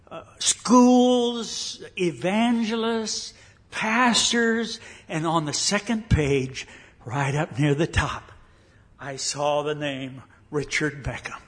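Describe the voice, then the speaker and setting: An older man preaches as a visiting speaker in a church sanctuary, telling a story in a folksy way. His voice sits a little higher than average and he often pauses with fillers and restarts his sentences. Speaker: guest preacher. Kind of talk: sermon storytelling.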